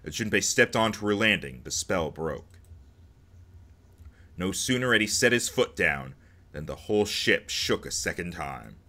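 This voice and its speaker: A man's voice: low voice, lively intonation, unhurried, pushed and bright. A man reading game text aloud and cracking jokes between the lines as he plays. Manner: joking asides between dramatic narration. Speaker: let's play host.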